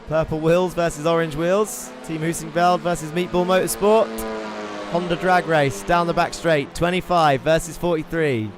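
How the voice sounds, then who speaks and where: A man commentating an online sim race, excitable and chatty, reading out viewer messages between the action. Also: fairly high pitch, moderate pace, over music. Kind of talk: live esports race commentary.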